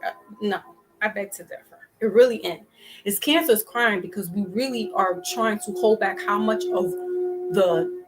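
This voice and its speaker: A woman's voice: medium pitch, fairly bright tone, low-quality recording. A woman giving a casual tarot reading, chatty and loose, often restarting her words. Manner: chatty, frequent restarts and fillers. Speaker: tarot reader.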